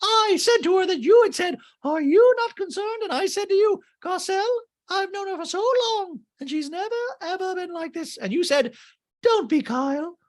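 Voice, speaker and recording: A man voicing a shrill, indignant reality-TV woman who squeals and repeats herself emphatically. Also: lively intonation, normal speed.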